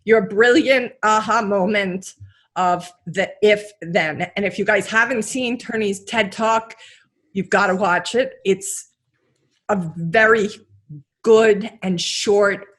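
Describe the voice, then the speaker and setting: A woman's voice: medium pitch, slow pace, fairly bright tone. A woman hosting a podcast interview, chatting casually and affirming her guest. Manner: encouraging, affirming. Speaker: podcast host and coach.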